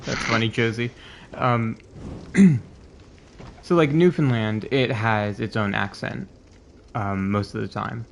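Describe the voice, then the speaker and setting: A man's voice: lowish voice, takes it slowly, vocal fry, pauses often. A Canadian man from Ontario chatting casually on a gaming stream, rambling with many fillers while answering chat. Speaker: streamer and co-host. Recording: noisy home stream audio.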